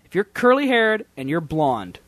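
A young man with a high voice co-hosts a casual podcast. His pitch leaps all over as he jokes and riffs excitably. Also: dry recording. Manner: joking, excitable, quick banter. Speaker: podcast co-host. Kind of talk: casual chat.

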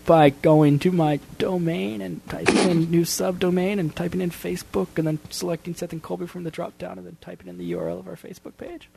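A young man co-hosting a podcast, joking and bantering excitably in casual chat. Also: high voice, a little fast, gravelly, hardly any pauses, slight background noise. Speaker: podcast co-host.

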